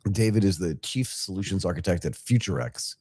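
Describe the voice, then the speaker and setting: Low, mellow-voiced male podcast host. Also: brisk, breathy edge, dry recording, studio quality. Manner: energetic, rambling with fillers and restarts. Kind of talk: casual tech news chat.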